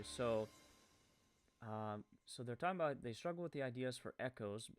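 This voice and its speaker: A man with a French-Canadian accent giving rambling live-stream commentary, full of fillers, who corrects his own stumbles. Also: fairly low pitch.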